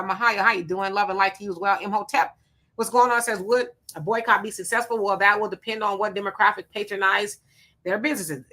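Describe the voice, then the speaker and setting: A woman hosting a casual livestream, reading viewer comments aloud and giving quick, relaxed replies. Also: mid-range voice. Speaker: livestream host.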